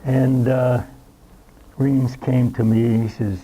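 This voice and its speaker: A man's voice: medium pitch, steady tone, slow pace, warm tone, rough recording. Elderly veteran man telling war stories. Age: 90s. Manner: rambling storyteller who acts out the scenes. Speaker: veteran recounting war memories. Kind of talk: spoken war reminiscence at a roundtable.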